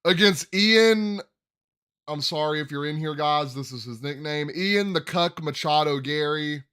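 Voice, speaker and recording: A man's voice: a little high, fairly even intonation, normal speed, fairly bright tone, smooth. A man hosting a casual sports podcast, chatting loosely and tripping over hard names as he reads them out. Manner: rambling, stumbles over fighter names. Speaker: podcast host.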